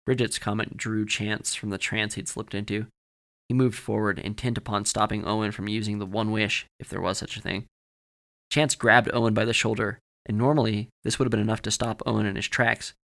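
A man narrating a scripted horror story for a podcast in a measured, steady way. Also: lowish voice, gravelly.

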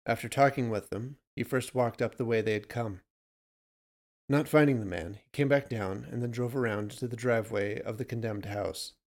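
A man's voice: mid-range voice, normal speed. Man narrating a short story. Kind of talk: reading a short story aloud.

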